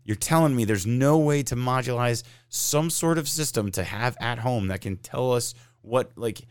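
A man's voice: medium pitch, normal speed, clear, resonant tone, no room sound, studio quality. A man hosting a podcast in casual chat, sarcastic and swearing freely as he rants, stuffy with a sinus cold. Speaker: podcast host.

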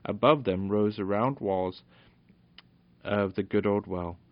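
A man reading a children's storybook aloud in a steady narration with small stumbles, on a dull lo-fi recording. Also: lowish voice, slow, no echo.

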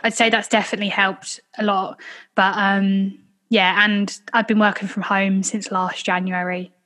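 A woman's voice: medium pitch, level tone, normal speed, a bit bright. A young woman on a podcast, chatting casually and telling a dramatic story with lots of fillers. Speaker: podcast guest.

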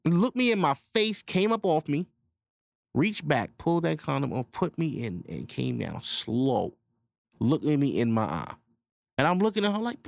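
Crude, animated man telling stories on a podcast. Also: moderate pace, gravelly, dry recording. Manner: crude storytelling, acting out quotes in a high voice. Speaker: podcast host. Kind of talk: casual podcast chat.

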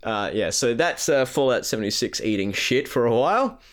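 A man's voice: medium pitch, animated, normal speed, a bit bright. A man co-hosting a casual gaming podcast, ranting with lots of swearing and mocking impressions. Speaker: podcast co-host.

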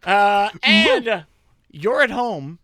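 A man's voice: sits high, big pitch swings, takes it slowly, bright, forceful tone, no echo, studio quality. A man hosting a casual comedy talk show, introducing his co-hosts in a loose, rambling way. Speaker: host.

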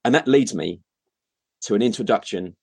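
A man's voice: lowish voice, lively intonation, moderate pace, creaky, a little mellow, husky, no echo. A man hosting a casual live show, joking around and giving playful introductions. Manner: jokey, playful, gives big introductions. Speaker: show host.

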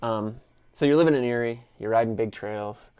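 A middle-aged man hosting a casual chat, relaxed and conversational, with some swearing. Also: medium pitch, moderate pace, smooth. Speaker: host.

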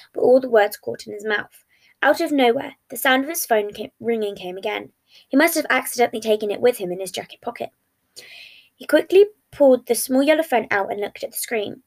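Gravelly-voiced woman reading fan fiction. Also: a little high. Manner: soft, even storytelling with small slips. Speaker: narrator.

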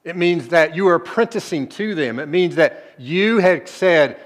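A man preaching a sermon as a pastor. He swings between low, soft stretches and loud emphatic bursts, and keeps asking the congregation rhetorical questions. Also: animated, unhurried, hardly any pauses.

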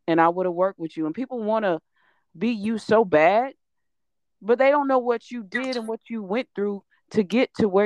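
A woman's voice: medium pitch, a little mellow, dull audio. A woman content creator speaking indignantly and emphatically in a casual chat, with frequent swearing.

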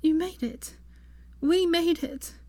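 A woman's voice: takes it slowly, no echo. Woman voicing a tender, emotional young woman. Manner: soft, high and earnest.

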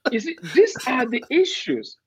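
This interview guest from Nigeria has a very high voice with a breathy edge. He speaks emphatically in a conversational interview, tossing out rhetorical questions, and the recording sounds dry, dull, and muffled.

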